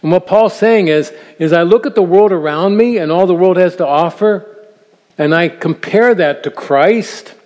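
A man's voice: high voice, normal speed, darkish tone. An older man giving an earnest, story-driven sermon-style talk to grandparents, chuckling at his own asides. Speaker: speaker at a church seminar for grandparents. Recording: long reverb of a large hall.

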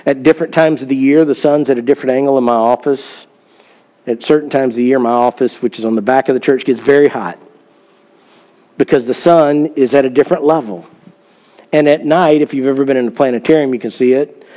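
A man's voice: medium pitch, steady tone, fairly quick, dark tone. A middle-aged man, a pastor, preaching a sermon in an earnest storytelling manner, with emphatic scripture reading.

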